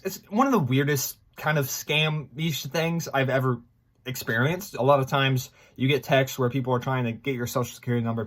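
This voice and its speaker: A man in his twenties talking to his viewers in a casual, rambling vlog, excitable and full of fillers. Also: mid-range voice. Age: 20s. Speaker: gaming YouTuber.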